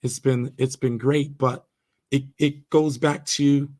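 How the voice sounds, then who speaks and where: A man's voice: medium pitch, flat delivery, slow, darkish tone. A man, a karate instructor, talking as a guest on a podcast, telling stories earnestly with many fillers and restarts. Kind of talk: casual storytelling interview.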